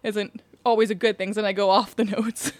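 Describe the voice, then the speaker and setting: A woman's voice: medium pitch, moderate pace, a little mellow, no echo. A woman co-hosting a podcast, casually retelling a true-crime case from her notes, laughing often and swearing offhandedly. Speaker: podcast co-host.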